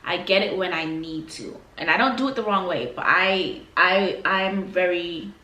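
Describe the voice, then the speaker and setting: Animated woman vlogger, roomy sound. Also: lowish voice, normal speed. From Florida. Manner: animated, emphatic, slangy. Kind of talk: casual sit-down storytelling. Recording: roomy, mic a bit far.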